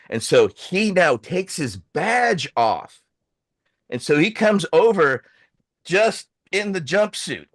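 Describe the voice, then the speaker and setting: A man's voice: mid-range voice, fairly bright tone, no echo. Middle-aged male host, casual storyteller, cursing, mimics others, dead-dry sound. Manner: swearing, acts out quoted voices. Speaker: podcast host.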